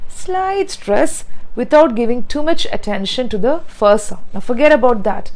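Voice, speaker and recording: A woman teaching pronunciation, speaking slowly and deliberately and repeating words to demonstrate sounds. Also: medium pitch, darkish tone, poor audio. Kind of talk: pronunciation lesson.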